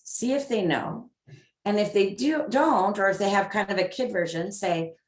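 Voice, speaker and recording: A middle-aged woman giving an upbeat parenting talk, full of acted examples. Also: fairly low pitch. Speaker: parenting coach and presenter. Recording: echoey room.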